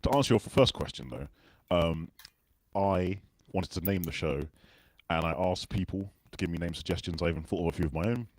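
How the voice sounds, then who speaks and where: A man's voice: low-pitched, fairly quick, no echo. A British man hosting a casual livestream chat, rambling and self-deprecating as he talks. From Britain. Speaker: livestream host.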